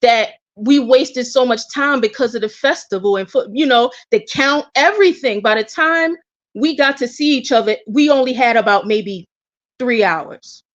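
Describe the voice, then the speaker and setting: A woman's voice: a little high, normal speed. A woman guest telling a personal story in a casual, candid way, often restarting her sentences. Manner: candid, animated, with frequent restarts. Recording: dull lo-fi audio.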